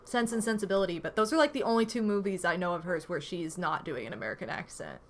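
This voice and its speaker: A woman's voice: lowish voice, lively intonation, fast, slight background noise. A woman streamer hosting a movie night, chatting casually and rambling, laughing often as she talks over the film.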